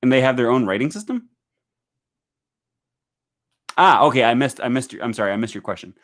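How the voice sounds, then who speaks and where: A man hosting a casual livestream at home, reading viewer comments aloud and chatting about them, with many fillers and a relaxed, meandering way of talking. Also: medium pitch, fairly quick. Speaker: livestream host.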